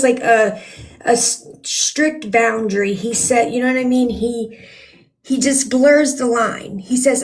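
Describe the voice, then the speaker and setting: A woman's voice: on the high side, creaky. A woman speaking as a guest on a livestream, telling a story at length in an indignant, rambling way with many ums. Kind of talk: casual livestream talk.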